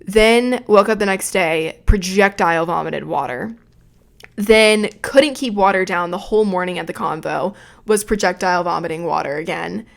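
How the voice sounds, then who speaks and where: A woman's voice: lowish voice, moderate pace, vocal fry. A young woman in her early twenties hosting a casual storytelling podcast, talking in a chatty, profane way. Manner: chatty and profane, retelling a night out. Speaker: podcast host.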